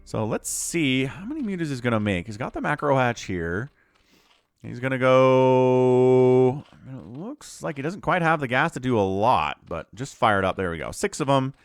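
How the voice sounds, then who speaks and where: A man's voice: medium pitch, very animated, a little fast, hardly any pauses, a bit bright, no room sound, studio quality. A man giving casual solo commentary on a strategy game match, chatty and speaking to his viewers. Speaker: StarCraft shoutcaster.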